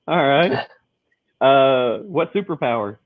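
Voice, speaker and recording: Male co-host, upbeat, runs rapid quiz questions, thin dry phone-line audio. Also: medium pitch, lively intonation, no echo. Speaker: podcast co-host. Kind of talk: casual chat, asking quiz questions.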